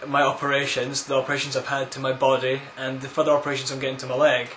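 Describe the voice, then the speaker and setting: A man's voice: medium pitch, completely flat delivery, fast talker, a bit bright, slight background noise. A man answering viewer questions in a casual, rambling vlog, full of crude, absurd jokes. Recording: echoey room.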